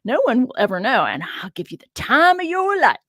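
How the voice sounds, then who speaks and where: A brazen, empty-headed madam calling to passers-by in a high, sing-song Southern drawl, as a woman puts her on. The voice swoops well above her usual pitch, and the sound is close and dry with no room around it. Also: wildly swooping pitch, fairly quick, fairly bright tone, no echo, heavily acted. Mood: coaxing. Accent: put-on Southern US.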